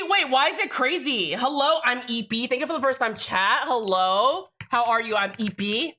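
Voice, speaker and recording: A woman's voice: a little high, lively intonation, moderate pace, few pauses, bright, forceful tone. A young woman livestreaming as she builds a keyboard, rambling casually, cutting herself off mid-thought, swearing freely and answering her chat.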